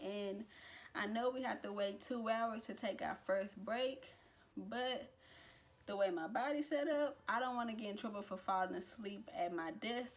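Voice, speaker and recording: A young woman talking casually to camera in a vlog, chatty and relaxed, with frequent fillers and restarts. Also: mid-range voice. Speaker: vlogger. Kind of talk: casual pregnancy update vlog.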